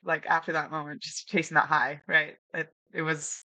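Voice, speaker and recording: A young woman guest telling lively stories in a casual interview, acting out quotes and laughing often. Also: deep voice, normal speed, no echo. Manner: animated storyteller, acts out quotes, laughs often. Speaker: podcast guest, new hunter.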